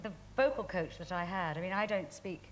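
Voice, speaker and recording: A woman appearing as a talk show guest, telling anecdotes in an animated, self-mocking way. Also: lowish voice, fairly quick, slight background noise. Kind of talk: chatty anecdote.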